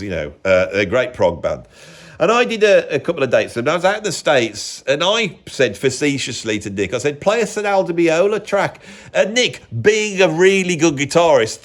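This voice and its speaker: Sarcastic British man ranting. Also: medium pitch. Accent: British English. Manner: blunt, sarcastic, rambling. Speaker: musician and vlogger. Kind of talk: opinionated rant.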